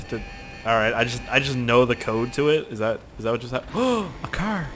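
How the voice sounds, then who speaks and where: Young man, gaming commentary, animated voice, cursing, faint hiss. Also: mid-range voice, moderate pace. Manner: excitable, profane, yelling at the game. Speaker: gaming youtuber. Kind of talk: let's play commentary.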